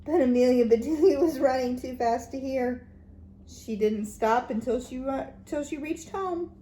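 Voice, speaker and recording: A woman teacher reading a children's book aloud, animated and expressive, with soft whispered asides to the listeners. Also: high voice, measured pace. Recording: echoey room, faint background noise.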